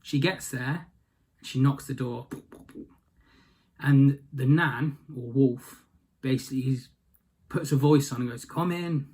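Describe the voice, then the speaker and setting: A man's voice: mid-range voice, fairly even intonation, measured pace, pauses often, a little mellow, husky. Man deadpanning a rambling fairy tale. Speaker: storyteller. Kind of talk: casual comic retelling of a fairy tale.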